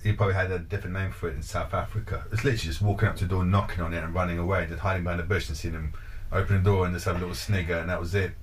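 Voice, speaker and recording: Rambling, jokey co-host man with a lowish voice. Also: little pitch movement, very fast, slight background noise. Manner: rambling, swears, jokey storyteller. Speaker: podcast co-host. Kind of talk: casual chat.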